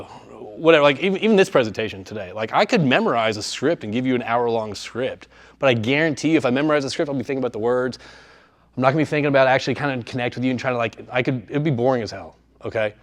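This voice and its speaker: A man giving a live presentation to students in a room, speaking conversationally and often checking in with his audience. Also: fairly high pitch. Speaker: workshop speaker.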